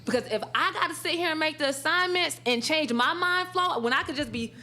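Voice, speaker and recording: Animated high-voiced woman telling stories. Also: brisk, slight background noise. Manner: animated, laughs often, acts out quoted dialogue. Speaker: esports sportscaster and college instructor, interview guest. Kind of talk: casual storytelling in an interview.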